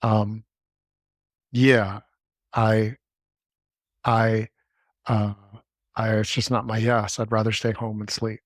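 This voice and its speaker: A man co-hosting a skills workshop, speaking thoughtfully and haltingly in casual talk. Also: on the low side, level tone, no room sound, studio quality. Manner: hesitant, thoughtful, many fillers. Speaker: workshop co-host.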